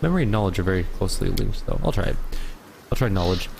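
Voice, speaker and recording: A man's voice: low voice, expressive, quick pace, creaky, noisy background. A man hosting a video game playthrough, thinking aloud in a casual way and chuckling now and then. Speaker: let's play host. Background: game music.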